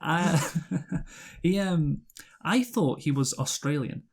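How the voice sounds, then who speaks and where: A man's voice: a little high, slightly rough. Man chatting through a film review. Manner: halting, laughs often, many restarts. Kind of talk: casual movie review chat.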